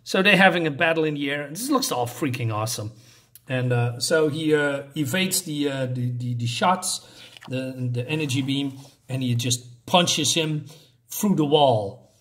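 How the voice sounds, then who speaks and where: A man casually reviewing a comic book and recapping its story, often halting and restarting as he searches for words. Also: mid-range voice, fairly bright tone.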